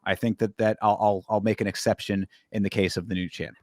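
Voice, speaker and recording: A man's voice: lowish voice, little pitch movement, brisk, darkish tone, dry recording, studio quality. A man co-hosting a casual fight breakdown, easygoing and agreeable, with many hedges. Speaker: co-host.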